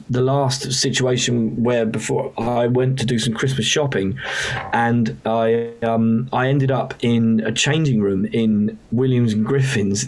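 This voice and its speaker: A man's voice: medium pitch, darkish tone. A man, a musician guest, frankly recounting a hard time in an emotional, casually profane way. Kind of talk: candid storytelling.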